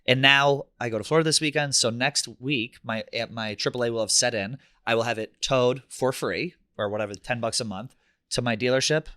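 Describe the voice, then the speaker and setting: A man, a podcast co-host telling an animated, profane story in casual chat and acting out quotes. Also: medium pitch, fairly quick, no room sound, clean studio sound.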